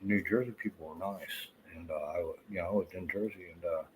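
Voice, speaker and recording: A man's voice: deep voice, steady tone, brisk, slight background noise, low-quality recording. A man in his fifties with a Southern US accent, telling rambling, profane stories with lots of fillers. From Florida. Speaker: vlogger. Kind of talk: casual rambling storytelling.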